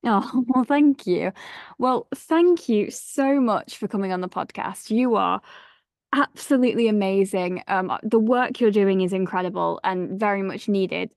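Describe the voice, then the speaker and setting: A woman's voice: mid-range voice, unhurried, darkish tone, no echo. Effusive woman podcast host, dry sound. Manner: effusive, encouraging. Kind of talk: casual interview.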